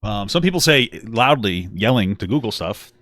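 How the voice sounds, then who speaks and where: A man's voice: lowish voice, lively intonation, moderate pace, a bit bright, no room sound. A man hosting a reaction commentary, talking with sarcastic, dry asides. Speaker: commentary host.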